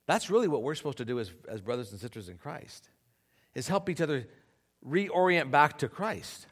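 A man's voice: fairly high pitch, animated, moderate pace, breathy edge. A man preaching a sermon as pastor, earnest and conversational, often checking in with his listeners.

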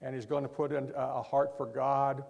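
A man preaching a sermon to a congregation, pleading and emphatic, pushing hard before dropping low. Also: little pitch movement, normal speed, creaky, a little mellow, dull audio.

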